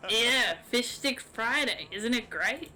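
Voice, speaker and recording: A woman reading a dim, cheerful high school jock, easygoing and slightly dopey, in game dialogue. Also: animated, slow pace, pushed and bright, heavily acted, low-quality recording.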